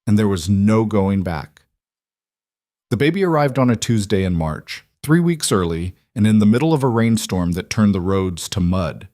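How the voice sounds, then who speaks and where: A man narrating a frontier romance audiobook in an even, measured storytelling manner. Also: on the low side, no echo, clean studio sound.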